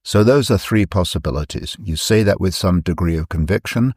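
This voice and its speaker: A man giving a reflective talk, measured and explanatory, repeating key phrases for emphasis. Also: low-pitched, a little mellow, no room sound, studio quality. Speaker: speaker presenting his ideas.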